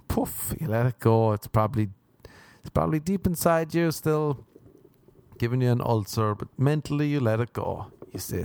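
This Irish solo podcast host, based in Los Angeles, keeps up his rambling, profane comic monologue, full of self-mockery and abrupt pitch leaps. He talks at normal speed in a smooth, darkish voice.

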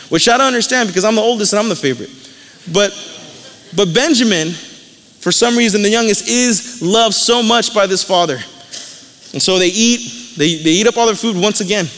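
A man's voice: on the high side, fairly bright tone, long reverb tail. A man preaching a sermon, retelling a Bible story in casual words and briefly acting out the characters' lines.

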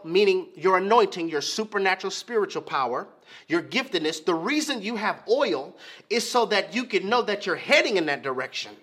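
A man preaching a sermon to his congregation, emphatic, repeating key lines and asking if they hear him, with a slightly husky voice. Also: high voice, pushed and bright. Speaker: pastor. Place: church.

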